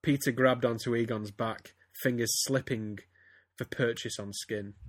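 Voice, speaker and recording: A man's voice: medium pitch, steady tone, unhurried, no room sound, studio quality. A man, a podcast host giving a theatrical comic reading of a story. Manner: reads theatrically, breaks into laughter. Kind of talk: comedic dramatic reading.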